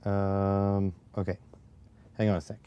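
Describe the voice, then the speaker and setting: A deep, slow, flat voice with a dark, smooth tone comes through a muffled recording. The man is coding during a casual live stream, losing his voice and muttering to himself between replies to his chat, picked up by a clip-on mic near his chest.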